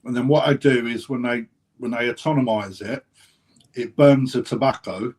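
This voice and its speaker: A man from England with a husky voice chats as a guest on a live show. He hesitates and restarts a lot, but his tone stays friendly and full of banter. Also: mid-range voice, fairly even intonation, moderate pace, a little mellow. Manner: hesitant, friendly banter, says "mate" often. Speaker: guest, koi dealer. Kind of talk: casual live-stream chat.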